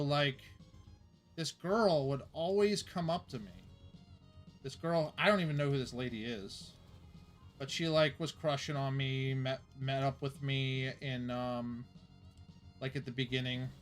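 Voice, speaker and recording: A young man, a streamer, telling a story in a rambling, casual way, with fillers and laughs. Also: mid-range voice.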